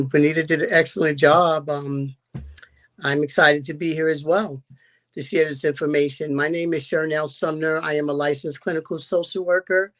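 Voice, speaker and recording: A woman speaks as a guest on a live stream. She introduces herself in a calm, measured, modest way and sometimes says "um". She talks as a social worker and program director. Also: low-pitched.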